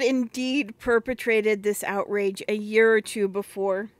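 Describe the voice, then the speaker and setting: A woman narrating a classic children's novel as an audiobook, measured and gentle. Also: mid-range voice, fairly even intonation, no room sound.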